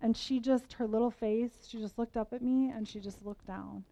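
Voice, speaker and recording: A woman's voice: on the high side, steady tone, normal speed, gravelly, dark tone, rough recording. A woman in her forties giving a conversational sermon to a women's gathering, candid and self-mocking, laughing between lines. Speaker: women's event speaker.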